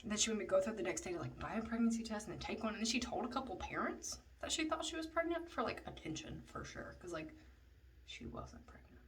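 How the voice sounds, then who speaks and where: A woman's voice: medium pitch, animated, fast talker, hardly any pauses. A young woman telling a casual storytime, chatty and profane, dropping into whispers for asides. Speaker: vlogger. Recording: slightly distant mic, faint noise.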